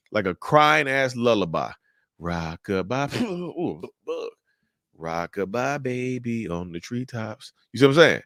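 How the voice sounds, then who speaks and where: A man giving casual, animated commentary to his viewers, repeating his points and calling them y'all. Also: on the low side, no echo, studio quality. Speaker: mental health commentator.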